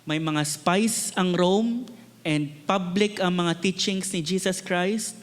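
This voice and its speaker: Filipino pastor preaching in a hall. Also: male voice, sits high, slow. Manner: earnest preaching, switching between English and Tagalog, repeating words for emphasis. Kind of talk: sermon. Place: church.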